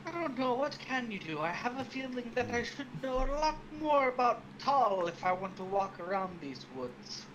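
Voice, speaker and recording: Lively, playful woman player. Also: a little high, moderate pace, few pauses, highs cut off, noisy background. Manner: curious, playful questioning. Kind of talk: tabletop role-play.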